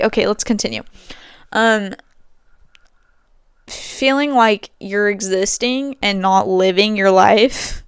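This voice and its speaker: Young woman, podcast host, smooth clear voice, dry close sound, rambling and candid, laughs a lot, lots of fillers. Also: medium pitch, slow, pauses often, dry recording. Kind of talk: casual monologue. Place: at home.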